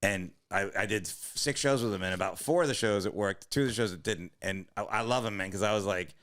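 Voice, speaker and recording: A man's voice: fairly low pitch, fairly bright tone. A man co-hosting a comedy podcast, telling long rambling profane stories in casual chat. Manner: rambling, profane, quick storytelling.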